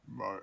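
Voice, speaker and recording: A man voicing a menacing, weary king of cards from a game, in a slow, grand manner. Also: fairly bright tone. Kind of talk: fan voice-over of game dialogue.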